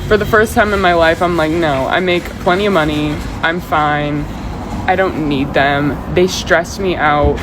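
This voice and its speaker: Animated swearing woman, noisy street. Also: measured pace. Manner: animated, swearing, mimics others with high voices. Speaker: social media poster. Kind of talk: casual storytelling vlog.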